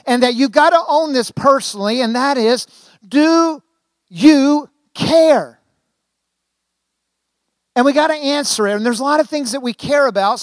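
An older man delivers a sermon in a church, his voice sitting high for a man and coming through smooth and clear. He talks in a folksy, storytelling way, tossing rhetorical questions to the congregation. The sound is dry and close to the mic. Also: dry recording. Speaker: guest preacher. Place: church sanctuary.

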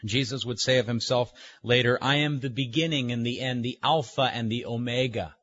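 Slow, emphatic husky male preacher. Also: mid-range voice, fairly bright tone. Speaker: pastor. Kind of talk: sermon. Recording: dull lo-fi recording.

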